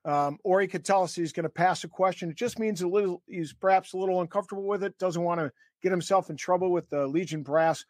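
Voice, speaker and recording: Chatty male podcast co-host, slightly high voice, dry close-mic sound. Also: quick pace, hardly any pauses, a little mellow, no echo. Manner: chatty, explains at length with fillers. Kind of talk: casual podcast interviewing.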